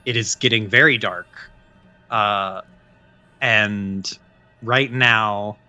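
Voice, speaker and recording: A man running a tabletop game as game master, narrating in a relaxed, halting way. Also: on the low side, dry recording, faint music behind.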